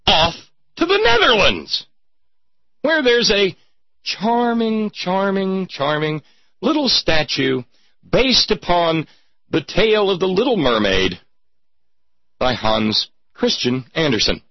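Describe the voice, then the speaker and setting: Brief: male commentator, sarcastic and mocking, slow deliberate delivery, lively swooping pitch. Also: no echo, muffled recording. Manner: sarcastic, mocking, theatrical emphasis. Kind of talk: sarcastic political commentary monologue.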